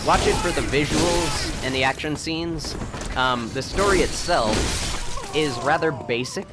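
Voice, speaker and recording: A man hosting a video game playthrough, rambling and excitable, and laughing often as he plays. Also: medium pitch, heavy background noise. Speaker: let's play host. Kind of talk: gameplay commentary.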